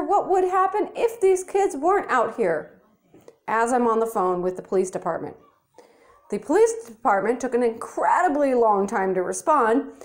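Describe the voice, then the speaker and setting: A young woman with a high-pitched voice vents in a furious vlog rant, swearing freely and talking bluntly. She sounds exasperated throughout. She records herself indoors at home on a handheld phone. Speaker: vlogger. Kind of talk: angry rant to camera. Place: her apartment indoors.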